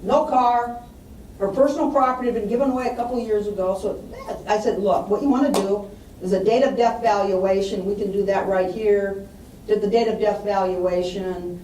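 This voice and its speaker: At a public talk on estate planning, a woman with a medium-pitched, warm voice tells stories about clients and acts out their voices. Her intonation stays fairly even and her speed is normal. A distant mic in a roomy hall picks up faint ambience and slight background noise.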